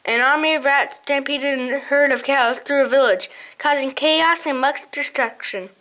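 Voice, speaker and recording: A woman's voice: sits high, normal speed, sharp tone. A woman voicing a frail ancient male mouse who keeps records, muttering and doddering as he talks. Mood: grave.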